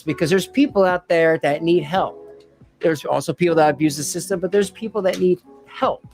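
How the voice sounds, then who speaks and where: A man's voice: on the high side, a little mellow, poor audio. A man hosting a casual livestream, rambling, interrupting himself and laughing often as he reads chat aloud. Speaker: livestream commentary host.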